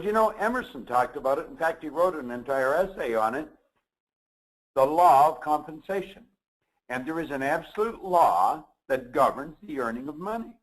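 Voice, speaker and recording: An older man, a motivational speaker, giving a measured, emphatic seminar lecture. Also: a little high, rough recording.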